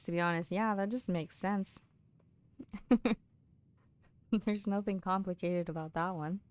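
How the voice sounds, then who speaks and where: A British woman streaming a game live, chatting casually with viewers and reading in-game books aloud, laughing often and dropping into soft mutters. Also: lowish voice, steady tone, takes it slowly, long pauses.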